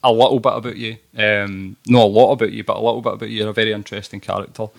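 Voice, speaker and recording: A man hosting a podcast, chatting with his guest in a relaxed, friendly way. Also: lowish voice, very fast, vocal fry. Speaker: podcast host. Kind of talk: casual chat.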